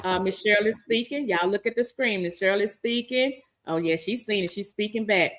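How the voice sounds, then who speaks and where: Woman, lively, bright tone, reads chat aloud, casual live-stream co-host. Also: mid-range voice, moderate pace, slight background noise. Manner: lively, laughs often, reads chat aloud with warm greetings.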